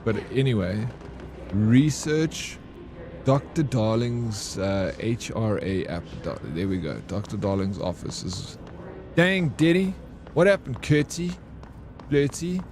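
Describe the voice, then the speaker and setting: A man's voice: on the low side, animated, takes it slowly, background noise. Chatty man streaming games. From South Africa. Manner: chatty, greets viewers by name. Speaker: game streamer. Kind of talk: casual live-stream chat.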